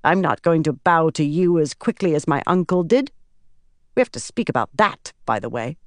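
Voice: medium pitch, sing-song, normal speed, no room sound, lightly acted. Brief: haughty sovereign, clipped and proud, dry studio read, voiced by an audiobook narrator. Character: proud, sharp-tongued queen.

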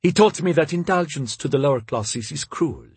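A man voicing a sulky, haughty young noblewoman in a storybook reading, with a cold, imperious manner and a husky voice. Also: on the high side, animated, normal speed, a little mellow, no room sound, pitched above the performer's own voice, exaggerated voice.

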